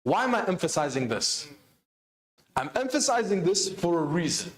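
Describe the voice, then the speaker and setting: A man's voice: high-pitched, very animated, normal speed. Man preaching with urgency in an echoey hall. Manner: urgent, asks the crowd questions and answers them. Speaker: speaker at a religious celebration. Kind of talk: sermon.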